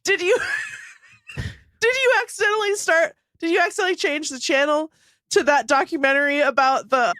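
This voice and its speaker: A woman co-hosting a podcast in casual chat, joking and reacting quickly with lots of laughter. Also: high-pitched, a bit bright, no room sound, studio quality. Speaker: podcast co-host.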